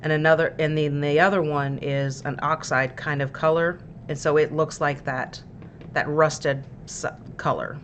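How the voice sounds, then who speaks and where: A woman's voice: sits low, level tone, measured pace, a little hiss or hum. A woman hosting a miniature painting livestream, explaining her paints in a chatty, easygoing way with plenty of fillers. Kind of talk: casual paint-along tutorial.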